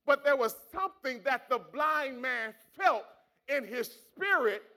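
A male pastor preaching a sermon with rising shouts and repeated words. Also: very high-pitched, expressive, a little slow.

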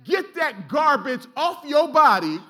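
A man's voice: very high-pitched, very animated, slow pace, pushed and bright, full character voice. A man preaching a sermon voices a commanding male angel, urging in blunt, colloquial words.

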